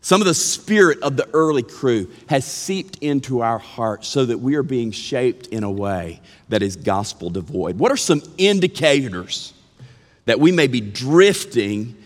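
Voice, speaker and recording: A man preaching a sermon, his delivery unhurried and earnest as he leans into key words. His pitch rises and falls expressively, and his voice rings out with a long reverb through a church sanctuary. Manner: earnest, drawn-out emphatic phrasing; mimics whiny complaints playfully. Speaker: pastor. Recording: long reverb of a large hall.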